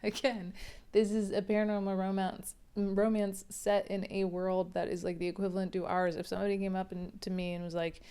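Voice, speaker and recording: Female book reviewer, casual and sarcastic, smooth clear voice, mid pitch. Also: flat delivery, fairly quick, mellow. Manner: sarcastic, chatty.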